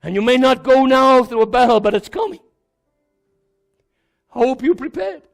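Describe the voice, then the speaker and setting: A South African man preaches to his congregation with fervour, his voice set very high and roughened by gravel. He hammers on repeated words and swings from near-whispers to shouts. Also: expressive, normal speed, soft background music. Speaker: pastor. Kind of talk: sermon. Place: church before a congregation.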